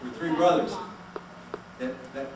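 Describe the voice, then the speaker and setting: Animated male lecturer in an echoey room. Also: fairly high pitch, a little slow, muffled recording. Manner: animated, asks the class questions and has them repeat. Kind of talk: classroom language lecture. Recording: echoey room, mic far off, noisy.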